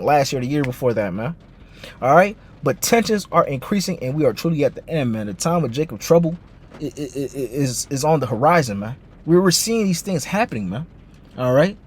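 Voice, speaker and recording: A man giving casual commentary built on scripture, ending nearly every phrase with "man" or "all right" and often stammering through restarts. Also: a little high. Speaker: online commentator and preacher.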